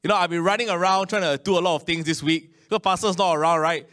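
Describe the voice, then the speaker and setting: A middle-aged man with a Singaporean English accent, preaching a conversational sermon with frequent Amens and slow, emphatic phrases. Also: sits high, fairly even intonation, a bit bright.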